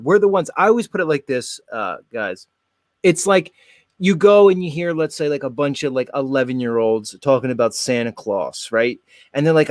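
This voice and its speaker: A man's voice: on the high side, dry recording, studio quality. A man hosting a talk show, speaking bluntly with profanity and challenging his guest. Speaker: host. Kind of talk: opinionated talk-show commentary.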